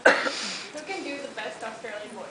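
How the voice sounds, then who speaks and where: A woman's voice: fairly high pitch, animated, normal speed, background noise. A woman in the audience, eagerly asking a question at a convention panel. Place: large convention hall. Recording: far-off echoey hall with loud crowd.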